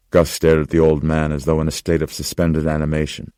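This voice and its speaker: A man narrating a horror audiobook in a steady, even reading. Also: rumbling low, fairly quick, few pauses, clean tone, no room sound, clean studio sound.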